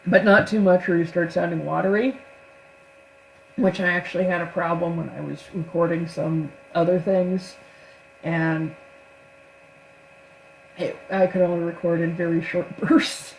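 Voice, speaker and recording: A woman's voice: on the low side, fairly even intonation, unhurried, creaky, long pauses, a little hiss or hum, rough recording. A woman voice actor talking casually to the camera, chatty and self-deprecating.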